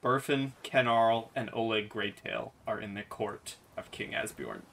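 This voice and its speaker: A man's voice: lowish voice, steady tone, unhurried, a bit bright. A man narrating a tabletop game as game master, describing scenes in detail.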